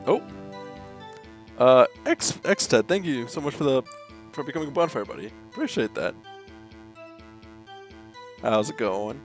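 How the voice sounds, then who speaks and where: A male streamer talks live into a headset microphone while he plays. His voice rises and falls with lively energy, and he laughs often between lines of chat. Game music runs underneath. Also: mid-range voice, a little slow, long pauses. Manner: reads game dialogue aloud, laughs often.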